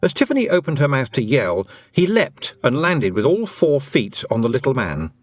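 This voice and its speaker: A man narrating an audiobook in an expressive storytelling manner. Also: mid-range voice, normal speed, no room sound.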